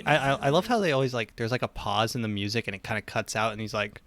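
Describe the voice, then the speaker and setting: A man's voice: mid-range voice, lively intonation, fast talker, few pauses, a bit bright, faint music behind. Joking young man, casual podcast banter. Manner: joking, laughs often. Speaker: podcast co-host.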